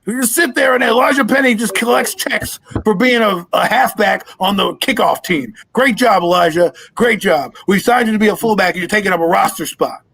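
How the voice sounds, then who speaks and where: A high-voiced man with a husky edge rants loudly as a fired-up caller. He talks fast and hard and often tips into shouting. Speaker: call-in caller. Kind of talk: fired-up fan rant.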